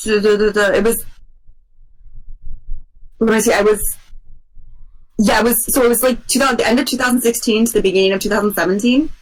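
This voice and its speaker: A woman's voice: medium pitch, fairly even intonation, normal speed, long pauses, poor audio. A woman co-hosting a podcast, telling a long work story in casual chat, rambling with lots of fillers and restarts.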